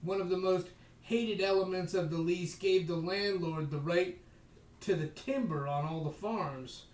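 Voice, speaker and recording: A man reading a history book aloud as a podcast host, slowing down for emphasis and breaking off for wry asides. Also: sits high, darkish tone. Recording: echoey room, voice distant from mic.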